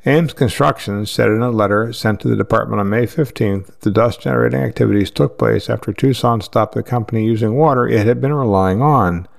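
A man reading news articles aloud in a steady, measured way, with the odd slip. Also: on the low side, vocal fry. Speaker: news reader.

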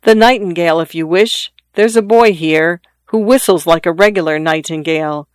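Reader doing a sailor, awkward, hesitant, earnest, smooth voice, dry sound. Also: medium pitch, moderate pace, no room sound, natural voice. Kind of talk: audiobook character voice.

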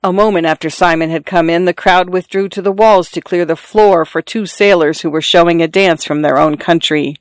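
A narrator reading a literary story in a measured, steady way. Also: medium pitch, clean tone, no room sound. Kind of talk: audiobook narration.

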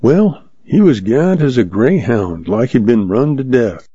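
A man's voice: medium pitch, animated, measured pace, dark tone, slightly rough, no echo, muffled recording. A man reading a hesitant, offhand old stable hand in a western audiobook.

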